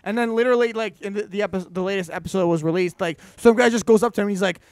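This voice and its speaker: A man's voice: high voice, very fast, dry recording. A young man hosting a casual podcast chat, rambling and stumbling over his words with lots of fillers. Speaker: podcast host.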